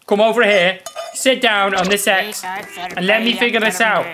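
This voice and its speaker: A man hosts a gaming video, excitably commenting on the game and shouting at its character. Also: sits high, normal speed, noisy background. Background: game music.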